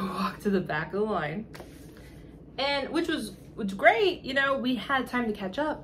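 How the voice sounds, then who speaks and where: A woman vlogger telling a casual, animated story in exasperated tones, often laughing and acting out the dialogue. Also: medium pitch, a little hiss or hum.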